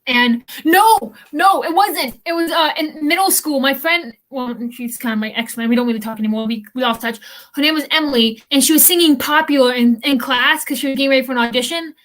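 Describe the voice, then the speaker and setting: A woman's voice: sits high, a little fast, a bit bright. Chatty young woman, rambling with fillers. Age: young adult. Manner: rambling, many fillers and restarts. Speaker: podcast co-host. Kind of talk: casual chat.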